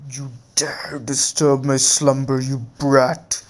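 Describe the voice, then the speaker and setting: A man voicing a hateful male nine-tailed fox demon, speaking with contempt in a low-key retold fan story. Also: flat delivery, takes it slowly, close to an everyday voice. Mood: scornful. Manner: contemptuous, calls others brat.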